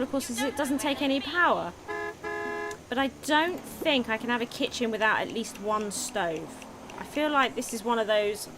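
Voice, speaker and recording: A woman's voice: on the high side, fairly bright tone. A woman giving casual, chatty commentary while streaming a management game, often giggling and talking to her viewers.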